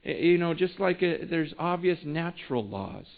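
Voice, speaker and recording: A man preaching a sermon in a conversational way, with restarts, swinging between hushed asides and emphatic lines. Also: on the high side, expressive, moderate pace, gravelly. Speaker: pastor. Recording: tinny phone-like sound.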